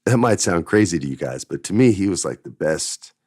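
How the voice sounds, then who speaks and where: Very deep-voiced man telling a personal story. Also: animated, quick pace, a little mellow, husky, no echo, studio quality. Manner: emotional, choked up at times. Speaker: podcast host.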